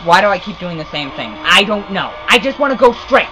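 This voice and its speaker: A young man commentating his gameplay, exasperated and often shouting and cursing at the game. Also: high-pitched, big pitch swings, brisk, poor audio. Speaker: let's play gamer.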